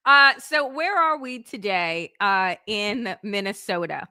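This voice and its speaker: Bright-voiced woman hosting political talk. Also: medium pitch, slow pace, no room sound, studio quality. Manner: impassioned, conversational, reads news aloud. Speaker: host. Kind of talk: live political talk show.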